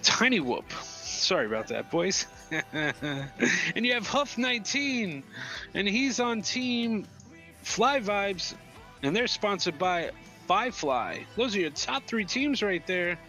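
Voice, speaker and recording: A man's voice: high-pitched, sing-song, measured pace, sharp tone. A man co-hosting a drone race stream, joking and reading out team standings. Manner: laid-back joking, reads out standings. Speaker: race co-host. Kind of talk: esports race commentary. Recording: faint music behind.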